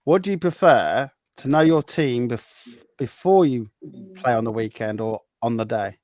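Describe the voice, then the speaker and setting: A co-host in casual studio chat, asking quick questions and speaking straight to the viewers. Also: medium pitch, no echo. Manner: lively, addresses the viewers directly.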